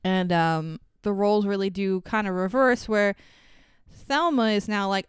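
A woman's voice: mid-range voice, measured pace, clean tone, no room sound, studio quality. A woman co-hosting a podcast, recapping a movie in casual chat, swearing freely and laughing often. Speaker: podcast co-host.

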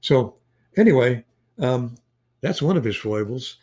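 Man, Bible teacher, folksy and emphatic, casual talk, mid-pitched voice. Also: animated, unhurried, dark tone, husky. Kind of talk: casual Bible study conversation.

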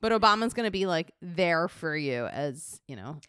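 A woman's voice: fairly low pitch, normal speed, clean tone, no room sound, clean studio sound. A woman in her thirties with a New York accent, co-hosting a podcast in casual chat and telling stories with lots of laughter. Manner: animated, laughing storyteller. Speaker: podcast co-host.

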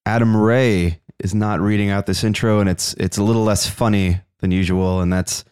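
A male podcast host reading through the news alone in a mildly monotone, self-aware way, at a close mic. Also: on the low side, moderate pace, clean tone, dry recording. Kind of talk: solo news rundown podcast.

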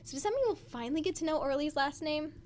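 A young woman talking casually as co-host of a book discussion, with a chatty, excitable manner full of "like". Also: sits high, fast talker. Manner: chatty, lots of "like", excitable rants. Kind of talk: casual chat. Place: home.

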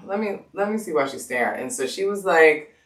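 A young woman as a podcast guest, telling her story in casual chat, animated, acting out quoted voices and laughing often. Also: deep voice, a little fast. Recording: echoey room, distant mic.

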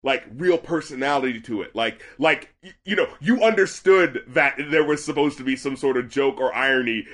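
A young man co-hosting an album review podcast, talking in animated casual chat with lots of fillers, restarts and swearing. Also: medium pitch, normal speed, few pauses.

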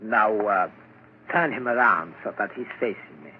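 A man playing a composed doctor at a mental ward, measured and explanatory, in 1940s radio acting. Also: fairly low pitch, close to an everyday voice. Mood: inquiring. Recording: dull old radio recording, faint hiss.

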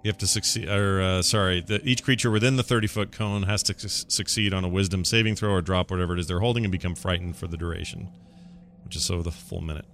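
A man's voice: low-pitched, fairly even intonation, fast talker, hardly any pauses, fairly bright tone, slight background noise. A man playing a tabletop game, talking hesitantly and explaining a spell's rules with many fillers. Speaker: player.

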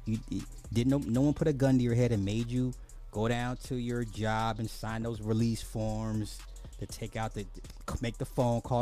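A man's voice: mid-range voice, level tone, moderate pace, mellow, soft background music. A man hosting a podcast, delivering a profane, mocking rant of social commentary and apologizing as he goes. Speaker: podcast host.

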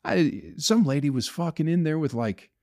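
A man's voice: fairly high pitch, animated, moderate pace, mellow. A man hosting his own podcast, rambling and ranting with heavy swearing and frequent restarts. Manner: profane, ranting, full of restarts. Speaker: podcast host. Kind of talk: solo rambling podcast rant.

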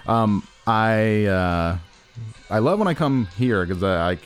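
A male podcast co-host rambling through stories in loose, jokey chat. His pitch swings widely as he talks, with faint music behind. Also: expressive, slow pace. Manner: rambling, jokey, jumps into silly voices. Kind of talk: casual comedic chat.

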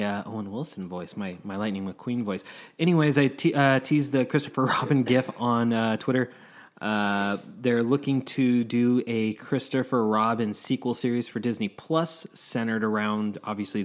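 A man co-hosting a podcast in casual chat, playful and teasing. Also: on the low side. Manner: playful, teasing, quick to laugh. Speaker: podcast co-host.

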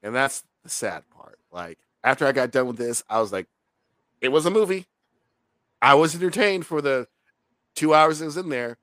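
A man's voice: medium pitch, moderate pace, no room sound. A man co-hosting a movie review show, talking casually and animatedly, swearing freely. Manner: animated, swearing, mocking voices in quotes. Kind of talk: casual chat.

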